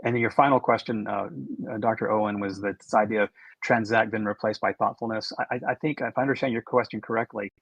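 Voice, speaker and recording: Gravelly, husky-voiced man moderating a talk. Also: on the low side, fast talker, no echo, highs cut off. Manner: steady, with frequent restarts and ums. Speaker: moderator and co-speaker. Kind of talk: conference talk over video.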